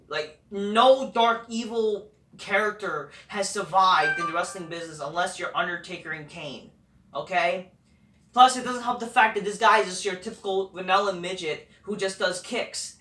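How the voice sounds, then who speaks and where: A man's voice: high-pitched, bright, forceful tone, far from the mic. A man ranting profanely and dismissively in opinion commentary on a vlog. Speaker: wrestling commentary vlogger. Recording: echoey room, voice off-mic.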